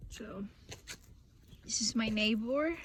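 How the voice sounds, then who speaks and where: A woman filming outdoors in deep snow on her phone, talking slowly and haltingly, then laughing and gushing at her dogs. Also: a little hiss or hum, poor audio. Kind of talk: casual home video narration.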